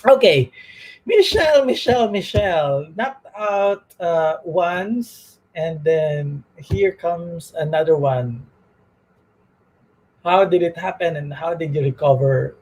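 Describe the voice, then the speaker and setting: A husky-voiced male talk show host from the Philippines, pitched a little high. He reads a long run of show announcements in a broadcast manner, then questions his guest in a friendly way. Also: slow, a little mellow, low-quality recording. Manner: reads promos at length, laughs at himself.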